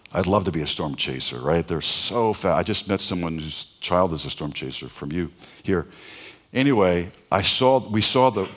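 A middle-aged man preaching a sermon, telling personal stories with asides and rhetorical questions. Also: low-pitched. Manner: conversational storytelling with pauses, asides and rhetorical questions. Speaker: pastor.

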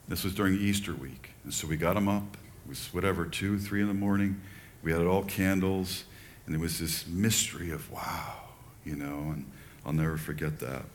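An older man preaching a sermon in a relaxed, conversational way, telling personal stories and acting out quoted lines. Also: low-pitched, normal speed, slight background noise. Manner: conversational, animated storytelling with quoted asides. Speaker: pastor.

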